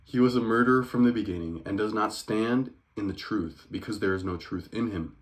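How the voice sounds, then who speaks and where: A man reading the words of Jesus aloud from scripture in a plain, earnest way, close to his own voice, sometimes quickening. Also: fairly low pitch, close to an everyday voice. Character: Jesus, grown man, calm teacher.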